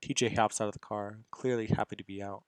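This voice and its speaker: A man's voice: fairly low pitch, steady tone, fast talker, clear, resonant tone, no echo. A young man narrating a visual novel in first person, reading casually and often stumbling and restarting lines.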